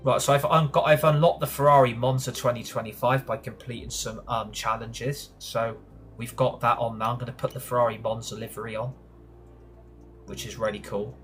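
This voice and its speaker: A man's voice: medium pitch, fairly even intonation, fairly quick, soft background music. A young British man streaming a racing game, chatting casually, grumbling and swearing when frustrated. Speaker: gaming streamer. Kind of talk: live gameplay commentary.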